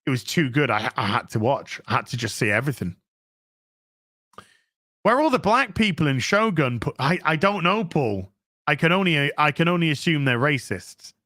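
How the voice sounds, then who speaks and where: A man hosting a livestream, reading out superchats in an animated, sweary way with quick asides. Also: a little high. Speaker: streamer host.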